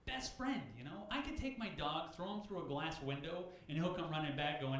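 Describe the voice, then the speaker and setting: A man performing stand-up on a club stage, his voice swinging widely up and down. He sits a little high for a man, and the room rings with strong echo. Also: brisk, a little hiss or hum. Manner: animated, shouts high-pitched bits for characters. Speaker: open mic comedian. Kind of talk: stand-up comedy set.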